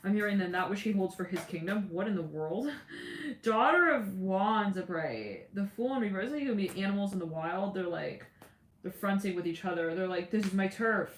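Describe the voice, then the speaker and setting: A woman's voice: medium pitch, animated, normal speed. A woman giving a casual, rambling tarot reading who often laughs and acts out what people say. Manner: rambling, voices quoted figures, laughs often. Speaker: tarot reader. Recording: echoey room with faint ambience.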